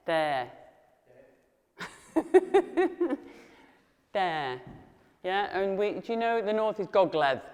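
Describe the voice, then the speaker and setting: A woman who tutors Welsh, saying words slowly and patiently and asking learners to repeat them back. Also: lowish voice, clear, resonant tone, big-room sound. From England. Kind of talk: teaching Welsh pronunciation to learners.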